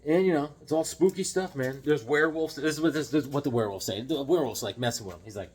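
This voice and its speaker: A man's voice: on the high side, quick pace, hardly any pauses, slight background noise. A man chatting casually and enthusiastically about his comic finds, rambling and joking as he goes. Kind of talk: casual chat.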